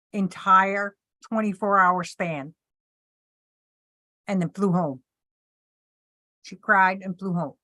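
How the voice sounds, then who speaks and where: A woman's voice: fairly low pitch, no echo, clean studio sound. A woman chatting casually, telling funny stories and acting out what people said, laughing along. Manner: animated storyteller, acts out quotes, laughs often. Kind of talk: casual storytelling chat.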